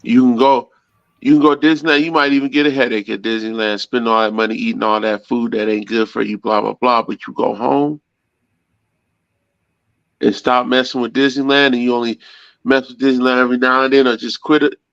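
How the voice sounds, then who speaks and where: A man's voice: mid-range voice, little pitch movement, fairly quick, a bit bright, clear, resonant tone, no room sound. A blunt man in a casual podcast chat, hammering his point home with repeated, homespun comparisons. His voice sounds dull and lo-fi, with a completely dry acoustic. He often restarts his words midway.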